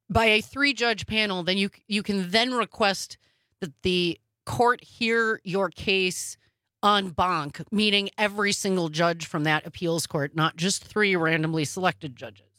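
Sarcastic woman with a bright voice. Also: mid-range voice, dry recording, clean studio sound. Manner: sarcastic and quick. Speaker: podcast co-host. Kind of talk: casual political commentary.

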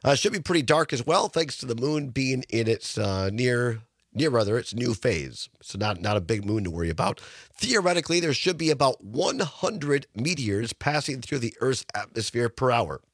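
Male talk radio host, under the weather, hoarse and chatty, dry close mic. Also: mid-range voice, sing-song, moderate pace, no room sound. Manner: chatty, with many fillers and restarts. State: hoarse from illness.

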